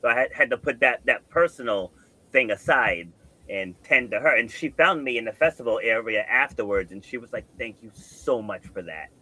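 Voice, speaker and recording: A man's voice: medium pitch, a little fast, sharp tone. Earnest man telling a coaching story. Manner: earnest storytelling, acts out quoted dialogue. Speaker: host. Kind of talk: casual podcast conversation.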